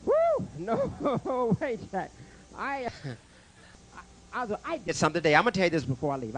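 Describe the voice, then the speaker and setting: High, lively stand-up comedian man. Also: normal speed, pauses often, a little hiss or hum. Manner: animated, jokey, stammering restarts; banters with the crowd and waiter. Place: comedy club stage.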